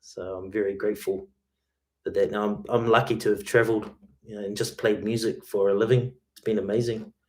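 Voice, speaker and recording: A man's voice: on the low side, flat delivery, brisk, a little mellow. A man hosting a guitar livestream, chatting casually with viewers in a laid-back way, peppering his talk with "man" and "mate". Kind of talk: casual livestream chat reading viewer comments.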